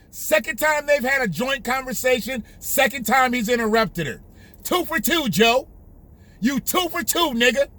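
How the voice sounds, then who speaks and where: A man's voice: very high-pitched, bright, forceful tone. A male host ranting in heated, profane, emphatic political commentary, repeating his points.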